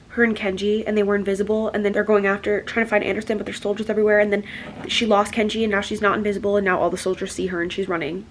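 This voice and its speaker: A young woman in her twenties reading a novel aloud and reacting excitedly, swearing and gushing as she goes. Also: mid-range voice, a little hiss or hum. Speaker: book vlogger. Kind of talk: casual reading vlog.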